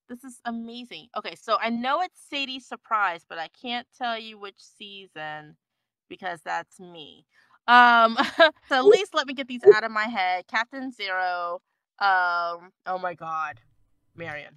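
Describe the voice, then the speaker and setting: Bright, animated woman voice actor. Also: medium pitch, smooth, no room sound. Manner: animated, laughing, expressive. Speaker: guest voice actor. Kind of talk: casual podcast chat.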